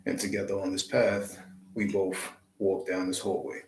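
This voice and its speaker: A man hosting his channel, giving a slow, reflective spiritual talk with deliberate, drawn-out phrasing. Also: sits low, little pitch movement, echoey room, slight background noise, rough recording. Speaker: channel host.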